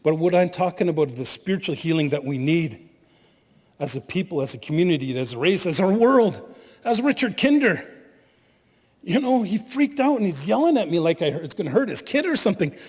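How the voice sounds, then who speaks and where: A middle-aged man giving an animated storytelling talk as a spiritual leader at a conference, laughing at his own stories. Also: sits high, breathy edge. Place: conference hall. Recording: long hall reverb.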